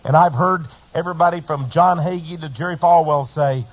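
Impassioned husky radio preacher, man. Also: a little high, animated, a little fast, few pauses, no echo. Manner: impassioned, emphatic, rising and falling. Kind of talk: sermon.

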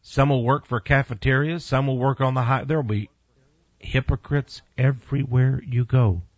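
A male preacher delivering a forceful sermon, lurching from quiet to loud and from low to high. He slows right down to read scripture deliberately, and he talks to his listeners bluntly and directly. His voice sits in a middle range and comes through a dull, lo-fi recording with no room sound. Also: fairly even intonation, no room sound. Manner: emphatic preaching with big swings in pitch and loudness; reads scripture slowly and deliberately.

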